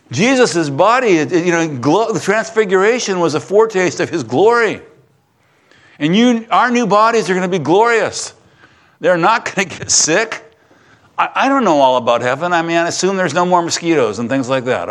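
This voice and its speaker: A middle-aged man preaching a sermon as pastor, talking conversationally with many fillers and breaking into sudden bursts of excitement. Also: a little high.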